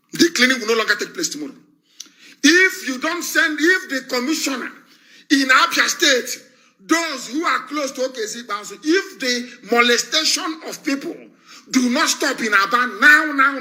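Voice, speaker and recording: A man delivers a live broadcast speech full of stern, repeated warnings. His voice sits high and cuts sharply. He leans hard on each point and piles on insults. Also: bright, forceful tone, rough recording. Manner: threatening, repetitive warnings; emphatic, insulting. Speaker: activist broadcaster.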